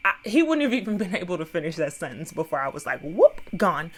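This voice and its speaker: A young woman casually recapping a horror film, profane and animated, acting out quotes and dropping into sudden whispers. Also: fairly low pitch, fast, husky.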